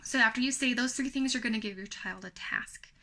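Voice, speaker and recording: Young woman, parenting coach, bright clear tone; firm and even but encouraging, teaching to camera. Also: fairly high pitch, a little fast. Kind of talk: talking-head teaching video.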